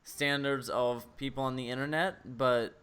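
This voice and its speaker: A man's voice: mid-range voice, steady tone, measured pace, a bit bright, clean tone. A man co-hosting a casual podcast, playful and teasing. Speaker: podcast co-host. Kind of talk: casual chat.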